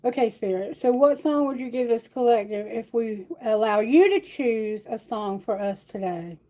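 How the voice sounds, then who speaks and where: Woman doing a tarot livestream, warm mellow tone, a bit high, chatty and sweet. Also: normal speed, low-quality recording. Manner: chatty, affectionate, sings song lyrics herself. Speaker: tarot reader. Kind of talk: casual livestream tarot reading.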